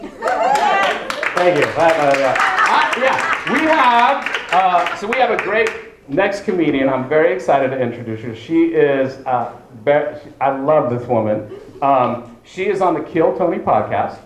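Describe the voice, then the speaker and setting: A man hosting a comedy night, bouncing through jokes with a lively, fairly high voice. He acts out other people in exaggerated bits. The sound is roomy and somewhat muffled, like a club recording. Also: unhurried, noisy background. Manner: joking, animated, mock-dramatic quotes. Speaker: comedy show host. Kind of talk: stand-up comedy. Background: audience laughter.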